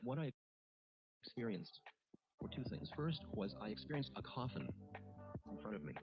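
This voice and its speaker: A man who is a spiritual teacher tells a personal story in a halting, candid, self-mocking way, with many restarts. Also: mid-range voice. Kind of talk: reflective storytelling talk. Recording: muffled archive recording with music. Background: music playing underneath.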